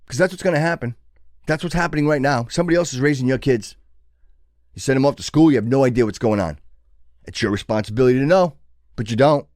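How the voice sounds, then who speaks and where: A man's voice: medium pitch, quick pace, darkish tone, no echo, studio quality. A man hosting his own show, delivering an impassioned motivational monologue with a preachy tone and frequent restarts. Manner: preachy, builds to fervent exhortation with many restarts. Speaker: show host.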